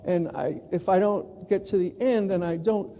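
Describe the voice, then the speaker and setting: A man from New York giving an animated storytelling keynote at a conference, acting out the people he quotes. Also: high-pitched, normal speed. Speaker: plenary speaker. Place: large conference hall. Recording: long reverb of a large hall.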